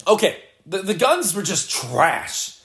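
A man giving live gameplay commentary, excitable and playfully boastful as he trash-talks. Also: high voice, takes it slowly, echoey room. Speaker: gamer.

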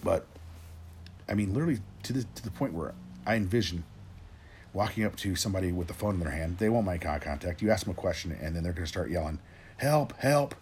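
Gruff, deep-voiced man ranting profanely. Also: fast talker, darkish tone, a little hiss or hum. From Tennessee, raised in Oregon. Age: 40s. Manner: rambling, gruff, swears constantly, many restarts. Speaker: rant host. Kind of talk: profane solo rant.

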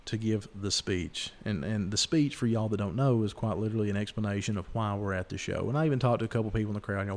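Fast-rambling man telling stories. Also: lowish voice, a little mellow. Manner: rambling, restarts, mimics people in his stories. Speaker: podcast host. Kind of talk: casual storytelling chat.

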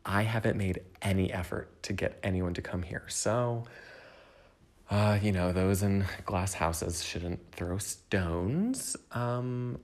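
A man's voice: low voice, slow. A young adult man hosting a podcast from home, thinking aloud in a candid, rambling way and speaking straight to the listener. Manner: addresses the listener directly. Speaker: podcast host. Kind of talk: casual solo reflection.

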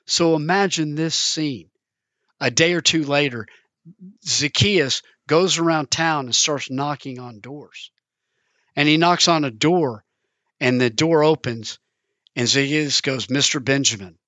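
A male preacher delivers a sermon with earnest storytelling. His voice is bright and forceful, and it is recorded close and dry with no room sound. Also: a little high, a little slow, no room sound. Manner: earnest, storytelling, repeats words.

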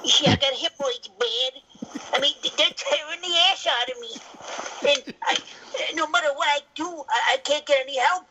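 A high-pitched, stammering middle-aged man, as someone puts him on, pleading desperately in a voicemail and groaning in agony. He wails and begs between stuttered restarts. Traffic noise comes through clearly behind the call. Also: normal speed, sharp tone, exaggerated voice, poor audio. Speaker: voicemail caller.

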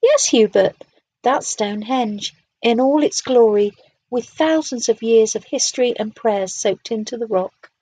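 A woman voicing a kind woman who gently guides her animal friends, in a storybook reading. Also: on the high side, a little slow, slightly rough, poor audio. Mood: explaining. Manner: gentle, encouraging.

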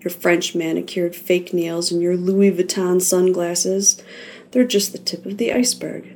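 Audiobook figure: smug, menacing male manager, read by a woman narrator, low-pitched. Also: steady tone, a little slow, a little mellow, a little hiss or hum. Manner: smug, threatening, coaxing. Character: sleazy, menacing middle-aged male sports manager.

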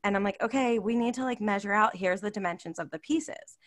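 A woman co-hosting a casual podcast chat, telling stories with lots of laughter and acting out quotes. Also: a little fast. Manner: animated, laughs often, acts out quotes in high voices. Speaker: podcast co-host.

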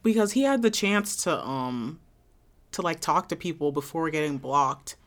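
A woman with a somewhat low voice gives blunt, wry commentary in a casual chat. She laughs often and doesn't soften her opinions. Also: lively intonation, moderate pace.

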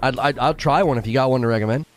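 A man streaming a game chats casually with his viewers, giggly and rambling, full of fillers and restarts and often laughing at his own jokes. His mid-range voice races along, with faint music behind it.

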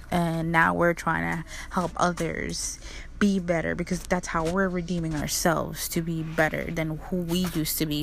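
A young woman muses aloud in a loose, chatty solo talk, leaning on "like" and the odd curse. Her voice sits a touch low for a woman. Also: gravelly, a little hiss or hum. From Mexican-American background. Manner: chatty, frequent "like", laughs and swears. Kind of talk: casual reflective monologue.

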